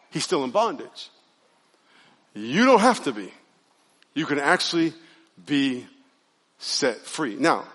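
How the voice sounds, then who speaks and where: Animated pastor preaching in an echoey hall. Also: male voice, high voice. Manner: conversational, animated preaching with audience call-and-response. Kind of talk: sermon. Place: church sanctuary.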